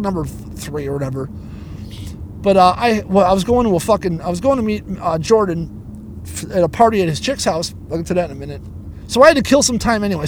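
Very high-voiced man, angry profane rant. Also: a little hiss or hum. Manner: angry, profanity-laden, stammering. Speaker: stand-up comedian.

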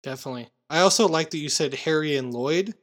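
A man hosting a casual podcast, retelling movie scenes with animated quoted lines. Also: on the high side, fast talker. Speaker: podcast host recapping a film. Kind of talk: casual chat.

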